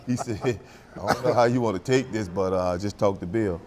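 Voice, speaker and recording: A man's voice: on the low side, a little fast, a little mellow, a little hiss or hum. A man in his sixties telling stories in a roundtable chat, laughing and acting out dialogue. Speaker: former running back.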